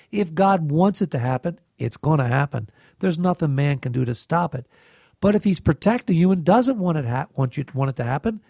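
A man's voice: fairly high pitch, lively intonation, a little fast, warm tone, dry recording, studio quality. A man earnestly sharing a faith reflection, telling a story with emphasis. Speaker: reflection participant.

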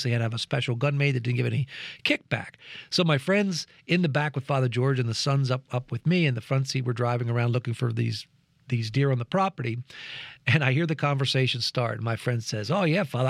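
A man's voice: mid-range voice, dry recording. Man, storytelling co-host, earnest, acts out quoted voices, dry close recording. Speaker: program co-host sharing reflections. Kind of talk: animated storytelling reflection.

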